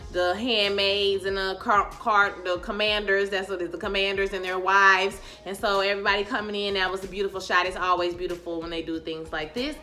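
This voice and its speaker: A woman recapping a TV episode in slangy casual chat, calling her viewers y'all and loudly acting out the characters' lines. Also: mid-range voice. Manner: animated, acts out characters' lines with loud outbursts. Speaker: TV recap vlogger.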